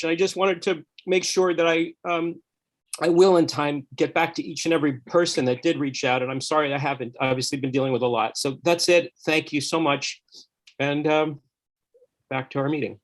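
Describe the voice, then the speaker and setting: A man's voice: on the high side, fairly even intonation, normal speed. A board member, a man, speaks hesitantly at a meeting, emotional and holding back tears. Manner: hesitant, many fillers. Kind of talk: personal remarks at a meeting.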